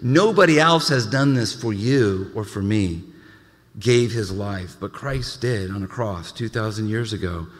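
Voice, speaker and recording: A preaching pastor in a reverberant hall. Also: male voice, fairly low pitch, unhurried. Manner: animated preaching with stammered restarts and asides. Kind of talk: sermon.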